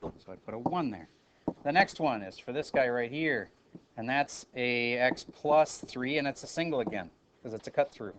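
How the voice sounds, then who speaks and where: A man's voice: mid-range voice, lively intonation, normal speed, background noise. A man teaching a math review lesson in a classroom, talking casually, correcting himself and calling on students. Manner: casual, self-correcting, calls on students by name.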